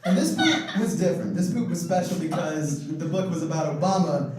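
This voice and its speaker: A man doing stand-up, telling comic stories in an animated way and laughing through his jokes, with mock voices for the people he quotes. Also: on the high side, brisk. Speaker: stand-up comedian. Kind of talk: stand-up storytelling. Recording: distant mic, echoey room, noisy.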